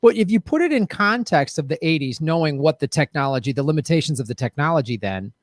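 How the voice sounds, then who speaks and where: A man's voice: fairly high pitch, animated, fast talker, no echo, clean studio sound. A man hosting a podcast, talking in an emphatic, indignant casual chat. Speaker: podcast host.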